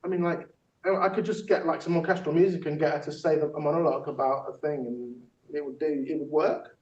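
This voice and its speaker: Guy doing spoken word in a workshop room, high voice, sounds far off and a bit muffled. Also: steady tone, a little fast, darkish tone. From Yorkshire, England. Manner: rhythmic, punchy performance delivery. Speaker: workshop facilitator. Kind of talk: performing spoken word poetry. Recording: echoey room from a distance, dull.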